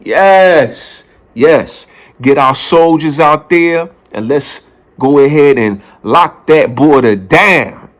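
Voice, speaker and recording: A vlogger from the Bronx, New York, gives his opinions in a casual vlog, hammering his points home by repeating phrases for punch. His voice is on the high side and expressive, and he speaks slowly and emphatically.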